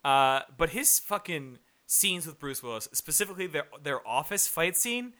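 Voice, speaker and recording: A man's voice: fairly high pitch, very animated, normal speed, pushed and bright. A man co-hosting a casual movie review chat, rambling and profane with lots of fillers. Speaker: podcast co-host.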